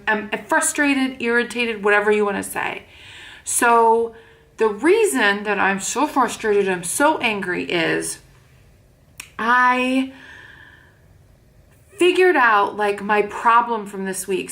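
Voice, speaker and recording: A woman's voice: mid-range voice, a bit bright. A tired young woman vlogging casually to her camera, frankly venting her frustrations and repeating herself. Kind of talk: casual vlog.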